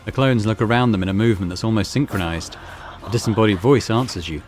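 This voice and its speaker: A man hosting a let's play video, reading game text aloud and commenting offhand in a relaxed way. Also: on the low side, fast talker. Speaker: gaming video host.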